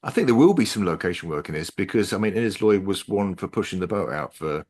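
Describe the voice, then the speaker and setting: A man's voice: low-pitched, animated, fast, darkish tone. A man co-hosting a podcast, chatting in an easygoing, knowledgeable way. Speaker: podcast co-host. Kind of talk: casual chat.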